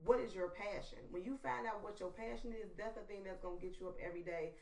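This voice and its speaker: Fast-talking woman co-host, roomy. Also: mid-range voice, vocal fry, far from the mic. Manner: animated, talks fast with vernacular phrasing. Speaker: podcast co-host. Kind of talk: casual chat. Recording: roomy, from off-mic.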